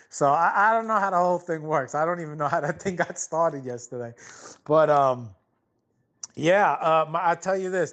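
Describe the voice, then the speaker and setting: Rambling, profane man telling stories. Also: fairly high pitch. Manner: profane, rambling, lots of restarts and fillers. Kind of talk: casual storytelling.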